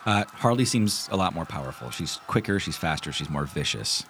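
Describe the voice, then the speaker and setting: A man running a tabletop role-playing game, describing the scene in a calm, steady narration. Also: low voice, a little fast, slight background noise. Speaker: game master. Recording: music bed behind.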